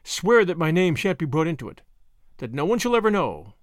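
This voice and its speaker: A man voicing a fearful older woman schemer who speaks hoarsely, low and dangerous, in a dramatized storybook reading. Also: very animated, brisk, no echo, clean studio sound. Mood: brooding.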